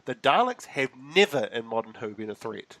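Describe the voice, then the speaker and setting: A man co-hosting a podcast, recapping an episode in animated casual chat full of fillers. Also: medium pitch, moderate pace, no room sound. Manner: animated storytelling with many fillers. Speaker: podcast co-host.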